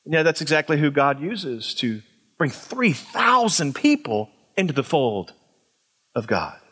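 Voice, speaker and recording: A middle-aged man preaching a sermon as pastor, swinging from emphatic high lines to low, quiet asides. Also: sing-song, a little slow, breathy edge.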